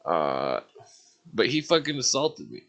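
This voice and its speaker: This man phones in to a live stream with a lowish, creaky, slightly bright voice whose pitch swings hugely. At a measured pace he drifts through casual, rambling anecdotes, swearing constantly and filling silences with filler words.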